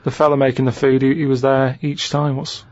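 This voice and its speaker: A man with a Manchester accent, his voice mid-range, level and darkish, chats casually on a comedy podcast, rambling, repeating himself and restarting his sentences haltingly. He's a regular guest who reads the diary and quiz. The recording is dry, with a muffled studio sound.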